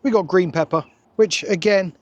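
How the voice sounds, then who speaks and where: A man's voice: high voice, moderate pace, darkish tone, no room sound. A man reviewing takeaway food in a casual vlog, sarcastic and exasperated.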